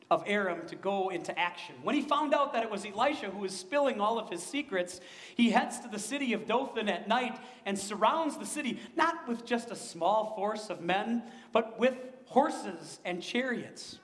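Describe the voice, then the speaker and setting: A man with a high voice preaches a sermon. He speaks earnestly and keeps turning to his listeners with questions. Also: moderate pace, fairly bright tone, in a large hall. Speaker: pastor.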